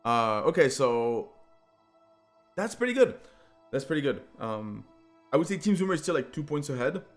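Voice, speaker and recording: A man's voice: medium pitch, normal speed, soft background music. A tired man with a French accent commentating a live game, joking and filling gaps with lots of "uh". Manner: excitable, joking, many fillers. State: sleep-deprived. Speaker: esports commentator.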